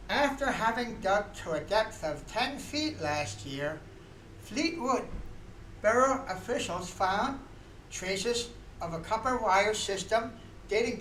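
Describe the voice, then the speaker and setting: A man's voice: high voice, sing-song, slow pace, fairly bright tone, a little hiss or hum. A man telling a folksy comic story with punchlines, recorded in a radio studio. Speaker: folk musician and comic storyteller. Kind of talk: comic stage monologue. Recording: roomy studio echo.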